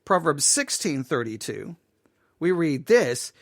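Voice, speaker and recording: A man teaches from the Bible in an informal, earnest way, pressing his points by repeating phrases and restarting sentences. His voice sits high and swings widely in pitch. The sound is dry, with no room echo. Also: sing-song, takes it slowly. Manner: earnest, emphatic, with frequent repetitions and restarts.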